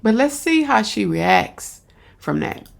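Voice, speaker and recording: Slow, gravelly woman commentator. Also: medium pitch, sing-song. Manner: blunt, repeats herself, talks back to the clip. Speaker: commentator reacting to a video. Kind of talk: casual reaction commentary.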